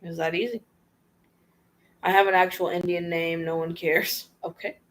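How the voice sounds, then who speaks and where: A woman's voice: on the low side, level tone, normal speed. Chatty woman answering livestream questions. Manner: reads viewer questions aloud and answers offhand; chatty, slangy, frank. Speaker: vlogger. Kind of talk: casual livestream Q&A.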